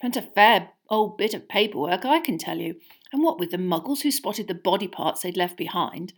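A woman's voice: lowish voice, animated, moderate pace. A woman voicing a fussy, kindly middle-aged wizard father who talks in a chatty, matter-of-fact way, in a storybook reading.

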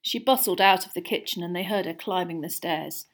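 A woman narrating an audiobook chapter in an even, measured storytelling voice. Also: fairly low pitch.

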